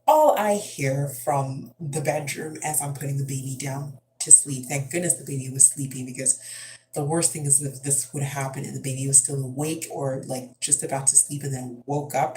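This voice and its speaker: Brief: mother vlogging a story, deep-pitched for a woman, casual and rambling, faint hum underneath. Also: normal speed, dark tone, poor audio. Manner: chatty, rambling, lots of fillers and asides.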